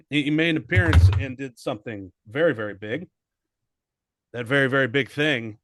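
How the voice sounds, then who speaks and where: A man's voice: a little high, no room sound. A man co-hosting a casual comedy podcast, joking crudely and riffing. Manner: joking, crude, slips into mock English accent. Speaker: podcast co-host.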